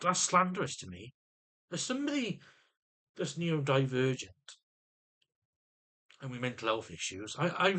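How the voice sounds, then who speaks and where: A man's voice: fairly high pitch, bright, forceful tone. Agitated man ranting. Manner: agitated, repeats words and restarts often. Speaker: vlogger. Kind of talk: angry personal rant to camera.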